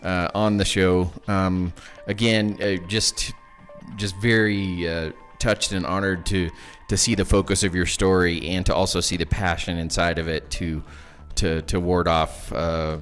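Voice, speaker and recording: Deep-voiced man hosting over soft music. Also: little pitch movement. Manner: halting, many fillers, earnest. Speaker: podcast host. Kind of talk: casual interview talk.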